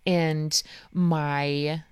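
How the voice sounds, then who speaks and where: A woman's voice: low-pitched, drawn-out words, clear, resonant tone, no echo. Chatty woman in her thirties telling a story. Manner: chatty, animated storytelling with fillers. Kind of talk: casual chat.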